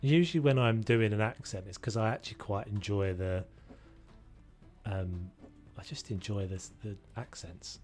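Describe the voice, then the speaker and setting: A man's voice: lowish voice, normal speed, a little mellow, soft background music. Chatty man streaming a game. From United Kingdom. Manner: rambling and chatty, talking to chat while he plays. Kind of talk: casual gaming livestream commentary.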